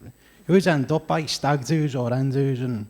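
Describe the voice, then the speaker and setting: A man's voice: medium pitch, normal speed, a little mellow. A man with a Scouse accent doing a stand-up comedy set on a club stage, chatty and self-deprecating, with crude punchlines. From Liverpool area, England.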